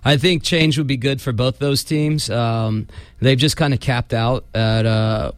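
A man's voice: medium pitch, fairly even intonation, a little slow, smooth, no room sound. A man hosting a casual sports podcast, rambling with lots of ums and uhs. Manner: rambling, filler-heavy delivery. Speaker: podcast host.

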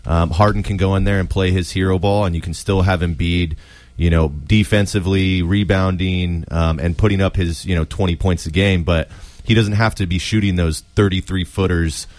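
A man co-hosting a casual sports podcast, giving opinions in a steady way. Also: deep voice, normal speed, no room sound. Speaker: podcast co-host.

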